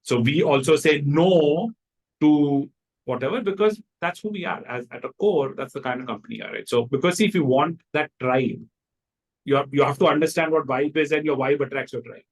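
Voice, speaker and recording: A man with an Indian English accent, a company founder telling stories in a casual interview, lively and acting out the people he quotes. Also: fairly quick. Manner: animated, acts out quoted people in a higher voice.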